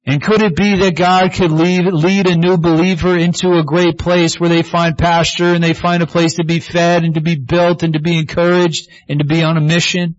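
Animated preaching man, slightly muffled. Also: on the high side, normal speed, few pauses, no echo. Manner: animated preaching, acts out voices from the stories. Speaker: pastor. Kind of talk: sermon.

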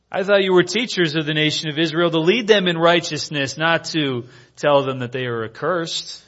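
A male preacher with a fairly high voice delivers an earnest sermon and tells stories along the way. He keeps asking his listeners rhetorical questions. The sound is dull and lo-fi. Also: a bit bright. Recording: dull lo-fi recording.

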